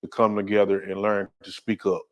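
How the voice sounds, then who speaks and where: A man's voice: on the low side, completely flat delivery, fairly quick. A man interviewed in a news report, speaking earnestly and often saying "you know".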